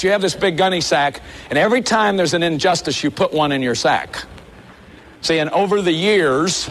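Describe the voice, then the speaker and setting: A man's voice: fairly high pitch, a bit bright, slight background noise. A man leading a workshop, lecturing an audience in an earnest, emphatic way, often stopping to say "see". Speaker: workshop leader.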